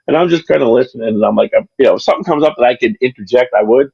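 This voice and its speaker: A man's voice: fairly low pitch, very fast, vocal fry, few pauses, slightly rough, dry recording, lo-fi sound. A man being interviewed about his channel, chatting casually on a livestream and telling long, rambling stories with many restarts. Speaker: channel creator, interview guest.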